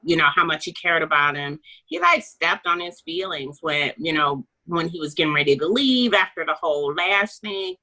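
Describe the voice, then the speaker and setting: Bright-voiced woman chatting about a book. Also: low voice, low-quality recording. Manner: animated, swearing, quick asides. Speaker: book club co-host. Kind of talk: casual book chat.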